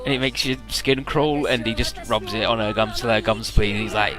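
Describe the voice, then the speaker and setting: A man's voice: fairly low pitch, little pitch movement, a little fast, over music. A man giving casual let's-play commentary, rambling through retellings with swearing.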